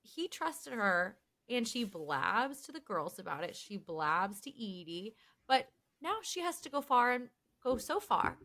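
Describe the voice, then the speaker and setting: Animated woman podcast co-host. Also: a little high, a little slow. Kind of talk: casual recap chat.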